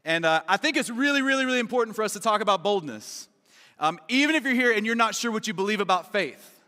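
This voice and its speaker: A bright, high-voiced man from Kentucky preaching a relaxed, conversational sermon with jokes. His voice rings with a long reverb off a large church auditorium. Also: fast. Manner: conversational and joking, lots of "right?" and "man". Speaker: pastor. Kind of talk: casual sermon.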